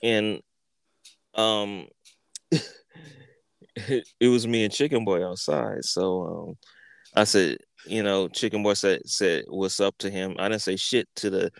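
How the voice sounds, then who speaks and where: Guy telling a wild backyard story on his podcast, cussing a lot, smooth voice, dry close sound. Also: lowish voice, slow, pauses often, no echo. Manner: animated, profane, repeats words and acts out quotes. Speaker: podcast host. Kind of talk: casual storytelling.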